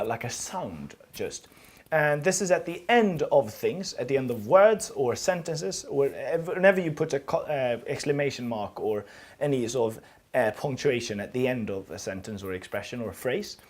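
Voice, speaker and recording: A man's voice: mid-range voice, animated, normal speed. Hesitant male language teacher. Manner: hesitant, many restarts, musing explanation. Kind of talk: casual video lesson.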